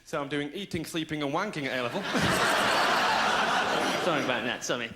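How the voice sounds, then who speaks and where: A young man doing a stand-up routine in a club, halting and self-deprecating. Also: on the high side, expressive. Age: young adult. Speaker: stand-up comedian. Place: comedy club stage. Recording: echoey club with loud crowd and noise. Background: audience laughter.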